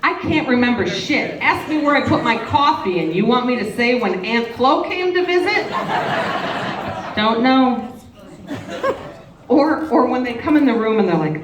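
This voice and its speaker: A woman's voice: on the high side, expressive, normal speed, long pauses. Brash fifty-something woman comic, live in a reverberant reception hall, heard from a distance over audience laughter. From Wisconsin. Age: 50s. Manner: brash, bawdy, conspiratorial with the audience. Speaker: stand-up comedian. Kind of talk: stand-up comedy set. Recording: echoey hall, distant mic, loud crowd laughter and noise.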